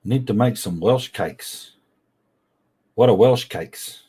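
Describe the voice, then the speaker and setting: A man's voice: fairly low pitch, takes it slowly, dark tone, breathy edge. A man hosting a casual live stream, reading out viewer comments in a playful, teasing way. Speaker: livestream host.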